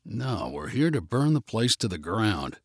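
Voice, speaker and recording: A man's voice: mid-range voice, very animated, normal speed, a bit bright, dry recording, studio quality. A man reading the part of a sarcastic, skeptical young man who grumbles about everything.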